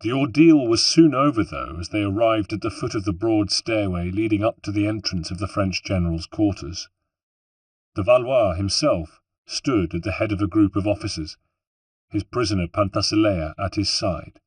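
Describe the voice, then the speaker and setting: A man narrating an audiobook in a steady, measured way. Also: lowish voice, breathy edge, no room sound, far from the mic. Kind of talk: scripted narration.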